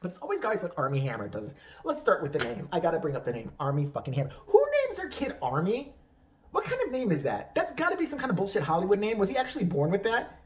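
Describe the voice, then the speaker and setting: A man's voice: high voice, huge pitch swings, fast talker, far from the mic, a little hiss or hum. A man hosting a podcast, ranting in a profane, self-mocking, comedic way. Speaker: podcast host. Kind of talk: casual comedic rant.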